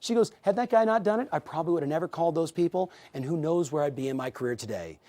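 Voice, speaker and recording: A man with a somewhat high voice leads a real estate sales lesson. He tells stories and acts out the people in them, addressing the viewers directly as he coaches them. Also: lively intonation, very fast, warm tone. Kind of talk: motivational training talk.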